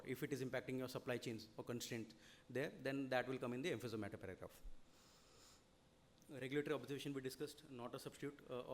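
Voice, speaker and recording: A man's voice: mid-range voice, slight background noise. A man with an Indian English accent giving a seminar lecture, explaining at length and checking in with "okay?". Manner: rapid, explanatory, frequent "you know" and "okay?". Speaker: lecturer on audit reporting.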